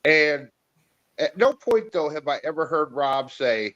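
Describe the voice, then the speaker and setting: A man co-hosting a casual chat, explaining in a measured way. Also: fairly high pitch, lively intonation, a bit bright, dull audio.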